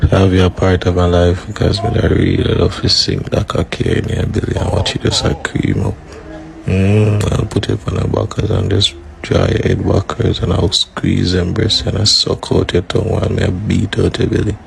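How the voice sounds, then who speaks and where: A Jamaican man talking boastfully in patois, low and murmuring in his delivery. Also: flat delivery, moderate pace, creaky, background noise. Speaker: rudeboy giving crude talk.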